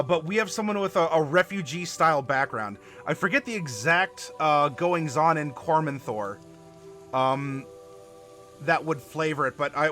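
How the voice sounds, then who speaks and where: A man hosting a live tabletop worldbuilding stream, chatting to viewers and halting over fillers as he spells out dice commands. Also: a little high, bright, forceful tone. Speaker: game master and stream host.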